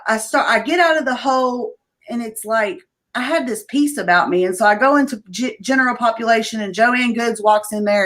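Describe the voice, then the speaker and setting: A woman's voice: medium pitch, fairly bright tone. A middle-aged woman, giving a blunt, candid personal recovery testimony as an interview guest. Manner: candid, conversational, blunt with profanity.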